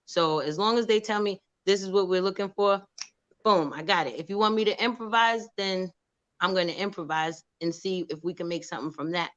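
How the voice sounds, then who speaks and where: A woman's voice: lowish voice, a little fast, dull audio. A woman from New York, an actress and producer, telling stories in a casual interview and acting out the voices of the people she quotes. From New York, USA. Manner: animated, acts out quoted voices.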